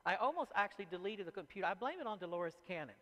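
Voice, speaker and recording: High-voiced man telling stories in a hall. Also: racing. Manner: animated, chatty storyteller. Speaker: author giving a talk. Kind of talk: speaking to a live audience.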